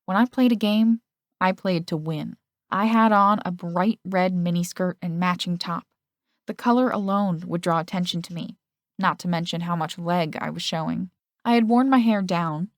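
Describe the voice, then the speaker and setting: In a clean, dry studio recording, a woman narrates a first-person audiobook at a moderate pace. She shifts her pitch slightly to voice the male and female characters' lines.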